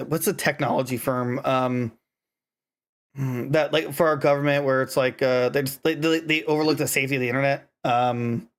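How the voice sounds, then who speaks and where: This podcast co-host has a mid-range voice and a moderate pace as he chats casually about gaming. He rambles, restarts his sentences, and starts swearing once he gets worked up.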